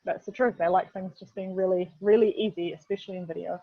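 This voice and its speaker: A woman's voice: lowish voice, steady tone, fast talker, no echo. Nz woman teaching over a video call, lots of ums, dull dry lo-fi sound. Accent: New Zealand. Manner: chatty, filler-heavy, keeps saying "literally". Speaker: webinar presenter, video production head. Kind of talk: casual instructional webinar talk.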